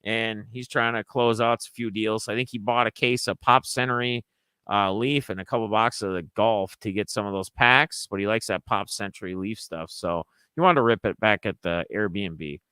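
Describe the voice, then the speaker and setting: A man's voice: fairly low pitch, fairly even intonation, moderate pace, sharp tone, clean tone, no echo. A young man from Minnesota casually recapping a trip, rambling and acting out his friends' lines in raised voices. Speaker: sports card collector vlogger.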